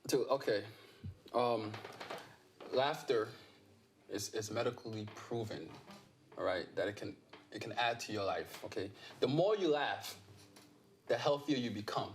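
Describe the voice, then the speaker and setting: Brief: man, comedy guest, chatty and playful, mid pitch, faint background hiss. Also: expressive, unhurried, long pauses. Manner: playful, joking, filler-heavy. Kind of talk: casual interview chat.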